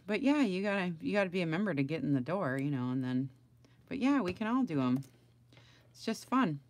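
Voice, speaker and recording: A middle-aged woman with a lowish voice chats on a crafting livestream from home, rambling along and greeting viewers by name. The sound is close and dry, with no room echo. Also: animated, fairly quick, a little mellow. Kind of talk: casual livestream chat with viewers.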